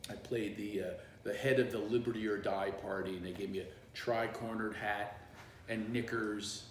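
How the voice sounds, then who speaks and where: A man's voice: lowish voice, steady tone, moderate pace. Middle-aged philly guy rambling through stories on a live stream, laughs a lot, kinda echoey office, faint hum behind. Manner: chatty and rambling, laughs often. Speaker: comedian and coach hosting a livestream. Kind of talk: casual storytelling on a livestream. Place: small office.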